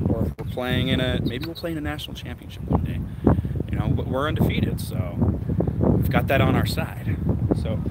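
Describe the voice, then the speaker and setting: A man chatting casually on a live stream from outdoors, telling rambling stories as a vlogger and basketball referee. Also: mid-range voice. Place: outdoors, windy. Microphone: phone on a mobile connection. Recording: choppy phone stream with loud wind and traffic. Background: wind and passing traffic.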